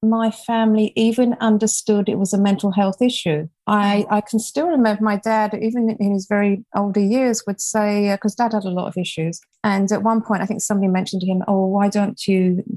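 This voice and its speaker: A woman's voice: medium pitch, fairly even intonation, fairly quick, few pauses, warm tone, no room sound. Woman, sixties, from England, author guest, reflective interview talk. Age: 60s. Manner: earnest, reflective storytelling. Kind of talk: interview conversation.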